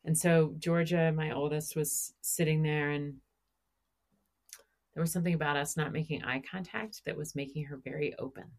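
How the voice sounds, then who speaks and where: Middle-aged woman podcast host, low voice, lively anecdote-telling. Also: moderate pace. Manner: animated storyteller, acts out quoted dialogue. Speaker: podcast host asking questions. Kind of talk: casual conversation.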